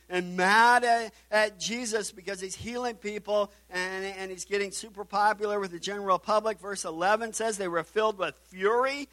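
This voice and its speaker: A man's voice: high-pitched, bright, forceful tone, no room sound. Man preaching with constant "right?" tags. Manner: conversational preaching with frequent "right?" tags and stammered restarts. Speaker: pastor. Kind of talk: sermon.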